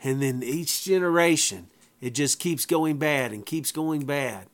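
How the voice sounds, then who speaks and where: Slow emphatic preacher man. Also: a little high. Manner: emphatic, repeats phrases for effect, plain folksy wording. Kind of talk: sermon.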